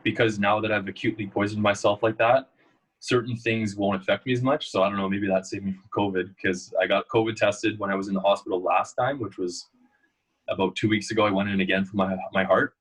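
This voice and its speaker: A young man with a low, husky voice talks in a loose, rambling way. He tells long stories and fills them with "like" and "uh". It sounds like a relaxed, casual interview. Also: brisk, rough recording. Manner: storytelling, loose and rambling with many fillers. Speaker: guest.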